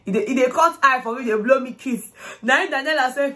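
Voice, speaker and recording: A young woman with a Nigerian accent giving an animated, casual recap of a reality show. She switches freely between English and Pidgin and acts out what people said. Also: high-pitched, brisk, hardly any pauses. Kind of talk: casual commentary.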